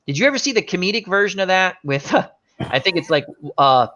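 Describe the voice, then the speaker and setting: A man's voice: sits high, big pitch swings, fairly quick, sharp tone. A man hosting a casual chat show, telling rambling movie stories and often groping for names. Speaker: show host. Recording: dull lo-fi sound.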